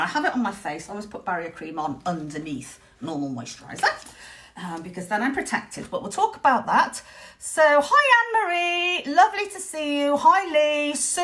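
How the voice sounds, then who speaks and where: A middle-aged woman teaches a live craft workshop from her home studio, her fairly high voice swooping up and down as she chats. She rambles into self-mocking jokes, and a faint hiss sits under the recording. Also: a bit bright. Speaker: textile art teacher.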